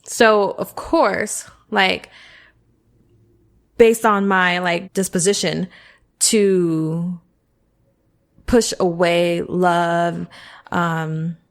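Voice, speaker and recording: A woman's voice: lowish voice, little pitch movement, extremely slow, pauses often. A woman hosting a podcast, giving frank, chatty advice and often checking in with the listener. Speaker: podcast host. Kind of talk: casual advice monologue.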